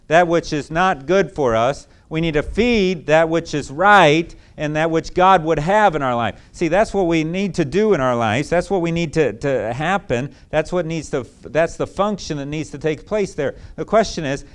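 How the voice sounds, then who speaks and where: A man's voice: on the high side, animated, moderate pace, few pauses, clear, resonant tone. A male pastor preaching a sermon to a congregation, speaking emphatically with folksy repetition.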